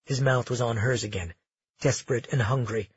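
A man narrating a romance audiobook in a measured, intimate storytelling manner. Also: medium pitch, breathy edge, highs cut off.

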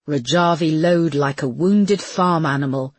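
A woman's voice: deep voice, measured pace, slightly rough, dry recording. A woman reading an audiobook as its narrator in dramatic, scripted storytelling.

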